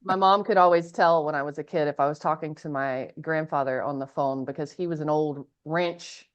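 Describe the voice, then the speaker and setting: A woman with a lowish voice chats as host, telling animated anecdotes and laughing often. Her sound is dull and lo-fi. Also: moderate pace, smooth. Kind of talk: casual conversation.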